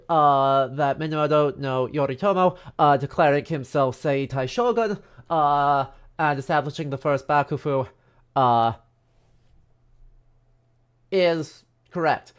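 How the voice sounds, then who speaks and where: Unhurried and clear, with a resonant, fairly high-pitched voice, a stuffy-nosed man gives a joking history lecture on a livestream. He's at home in the countryside, chatty and full of fillers and side remarks.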